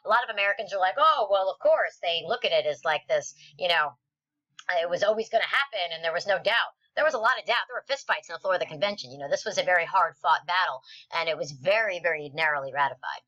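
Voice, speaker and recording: A woman gives a history lesson over slides in quick, chatty bursts, full of playful asides. Her voice is bright and a little low, and the recording sounds dull and lo-fi. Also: expressive. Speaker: history teacher.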